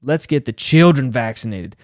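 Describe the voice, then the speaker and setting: A man's voice: mid-range voice, expressive, normal speed, a little mellow, dry recording, studio quality. A man hosting a podcast, reading a news article aloud and breaking in with sarcastic, mocking asides. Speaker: podcast host.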